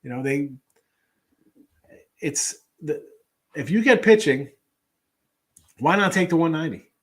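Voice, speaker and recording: A man's voice: fairly high pitch, animated, measured pace. A middle-aged man hosting a sports betting show, talking casually in a rambling way with lots of fillers and restarts.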